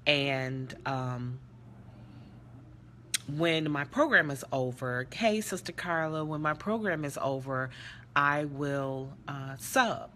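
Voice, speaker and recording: A woman's voice: sits low, takes it slowly, sharp tone, a little hiss or hum. A middle-aged woman speaking passionately and earnestly, telling a story in a live social media talk. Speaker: character development teacher and speaker.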